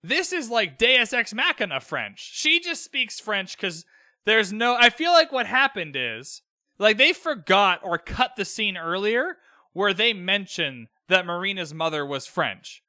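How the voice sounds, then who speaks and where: A young man with a high, very bright voice talks through a recap in a loose, rambling way, full of exasperated asides and strong opinions. The sound is dry and close, with almost no room around him. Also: very animated, unhurried, no echo. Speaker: podcast host recapping a TV episode. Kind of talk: casual solo recap podcast.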